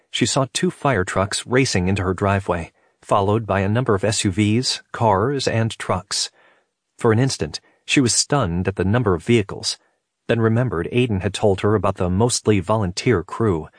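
A man reading a novel aloud in steady, measured narration. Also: on the low side, no echo, studio quality. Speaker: audiobook narrator.

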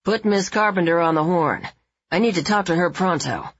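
A woman's voice: on the low side, moderate pace, husky, dry recording, highs cut off. A woman voicing a man, a husband who banters in a mock tough-guy tone. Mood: wry joking. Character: easygoing husband on a delayed flight, man.

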